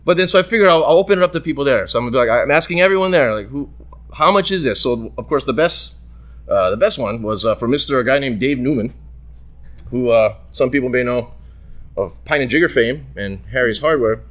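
A man hosting a show, telling a long anecdote in casual chat and acting out the people in it. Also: a little fast. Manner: animated, acts out quoted voices with big jumps in pitch. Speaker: radio show host.

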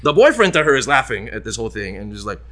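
A man hosting a show, telling a long anecdote in casual chat and acting out the people in it. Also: quick pace. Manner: animated, acts out quoted voices with big jumps in pitch. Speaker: radio show host.

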